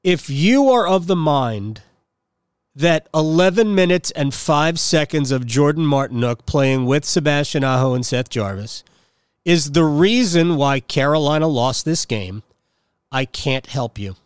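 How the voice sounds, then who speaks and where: A man's voice: fairly high pitch, expressive, a little slow, clean tone, dry recording, clean studio sound. A man hosting a sports podcast, giving a blunt, opinionated monologue with sarcastic jabs at his listeners. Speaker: podcast host.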